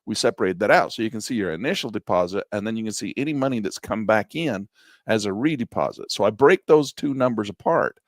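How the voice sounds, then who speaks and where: Emphatic, lively trading teacher, man. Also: fairly low pitch, fast talker, dry recording. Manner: emphatic, repetitive, blunt, folksy. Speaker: trading instructor. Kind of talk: live class lecture.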